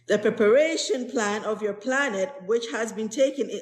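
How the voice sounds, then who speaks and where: A woman's voice: a little high, normal speed, few pauses. A woman who is a spiritual teacher, reading aloud from a spiritual text to an online group and explaining each passage in plain, earnest words. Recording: roomy echo.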